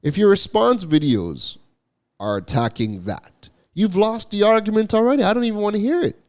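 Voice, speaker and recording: Speaking to camera with emphatic commentary, a Toronto-accented marketing content creator from Toronto, Canada keeps repeating himself and tossing in "right?" a lot. His voice is high and sing-song, a bit mellow, at a moderate pace.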